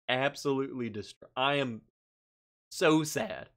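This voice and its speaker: A man's voice: mid-range voice, slow pace, fairly bright tone. A man hosting a casual livestream, reading out chat comments, laughing often and sounding stressed. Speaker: livestream host. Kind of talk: casual live-stream chat.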